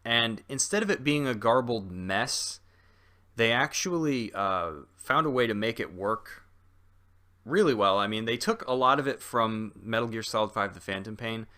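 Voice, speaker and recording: A man's voice: mid-range voice, animated, normal speed, sharp tone. A young man talking through a video game in a casual review, rambling with lots of ums and restarts and a jokey streak. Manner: chatty and jokey.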